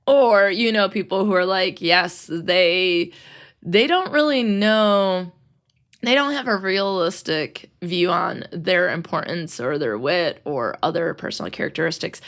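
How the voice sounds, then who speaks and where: A woman's voice: fairly low pitch, a little slow, a bit bright. A young adult woman hosting a casual podcast chat, talking freely, laughing often and acting out what people say. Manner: chatty, laughs often, acts out quotes. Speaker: podcast host and teacher.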